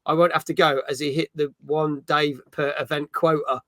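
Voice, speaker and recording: A man's voice: a little high, flat delivery, moderate pace, fairly bright tone, no echo. A middle-aged man hosting a casual gaming chat, rambling and joking with many fillers. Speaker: host.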